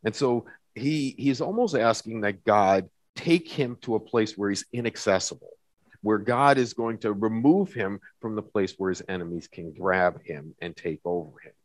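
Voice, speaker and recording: A man's voice: fairly low pitch, moderate pace. A man teaching a Bible lesson in a conversational way, often repeating words and reading scripture aloud with emphasis. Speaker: pastor.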